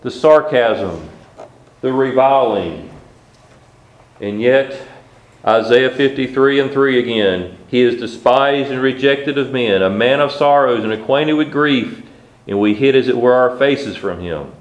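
A man preaching a sermon at a middle pitch. He reads scripture in a slow, measured way, and his voice rings in a reverberant room. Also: lo-fi sound. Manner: reads scripture aloud in old-style wording, slow and measured. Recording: echoey room.

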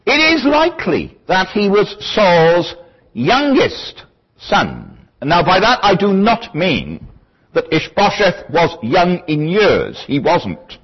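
A man with a fairly high, husky voice leads a verse-by-verse Bible study, his pitch rising and falling in a lively way. He lectures thoughtfully and wanders into small asides. The recording sounds dull and lo-fi. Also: slow pace. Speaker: Bible teacher.

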